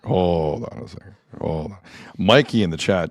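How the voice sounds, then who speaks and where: A man hosting a sports talk show, chatting animatedly, cutting in often and breaking into shouts of excitement. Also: low voice, moderate pace, dry recording, studio quality.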